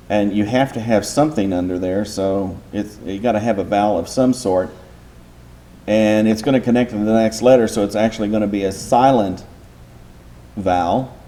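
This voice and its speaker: Mellow-voiced man teaching step by step. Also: fairly low pitch. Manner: patient, explaining step by step with rhetorical questions. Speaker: Bible teacher. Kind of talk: teaching lecture.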